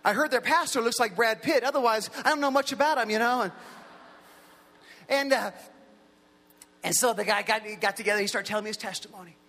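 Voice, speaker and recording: A man in his forties preaching a lively storytelling sermon, acting out the people in his stories. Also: high-pitched, brisk, long pauses. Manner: animated, impersonates characters in his stories. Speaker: pastor. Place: large hall with an audience. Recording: long hall reverb.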